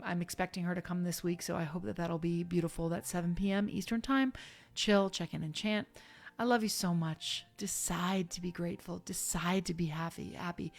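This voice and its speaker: Chatty woman leading a casual online sermon. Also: mid-range voice. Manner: warm, chatty, with bursts of fervent exhortation. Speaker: spiritual minister.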